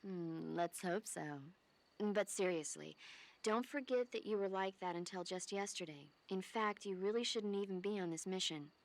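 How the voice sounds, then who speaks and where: A woman's voice: mid-range voice, moderate pace, lightly acted. An actress playing a playful, caring young female medic in a video game. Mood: teasing.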